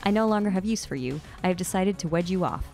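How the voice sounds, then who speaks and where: A woman reading aloud the lines of a cruel, arrogant teenage boy king from fan fiction, in a low voice. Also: lively intonation, fast, creaky, dark tone, soft background music.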